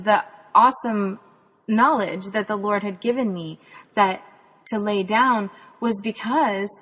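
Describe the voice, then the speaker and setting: A woman's voice: fairly high pitch, fairly bright tone. A woman from Texas, a podcast host and spirituality author, earnestly tells a personal faith testimony in a reflective way. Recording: long hall reverb.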